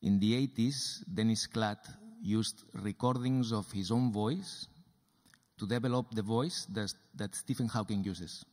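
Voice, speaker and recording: A man's voice: fairly low pitch, unhurried, a little mellow. A man giving a conference lecture, telling a story and repeating key phrases for emphasis. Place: lecture hall at a symposium. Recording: reverberant lecture hall.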